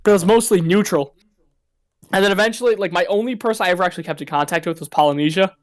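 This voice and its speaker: A man's voice: high voice, fast talker, no room sound. A young man tells game stories in a loose, filler-heavy way during a casual stream chat. His voice sits dry and close, with no room around it.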